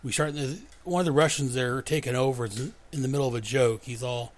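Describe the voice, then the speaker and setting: A man's voice: medium pitch, fairly even intonation, fast talker. Man casually recapping a comic book. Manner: reads dialogue aloud in voices, chuckles often. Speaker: comic book podcast host.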